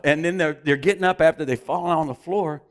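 A preacher telling a story in a sermon, animated and often chuckling as he goes. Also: fairly high pitch, brisk.

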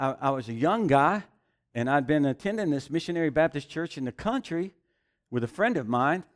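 A man preaching a sermon with emphasis, mixing scripture with personal testimony and rhetorical questions. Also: medium pitch.

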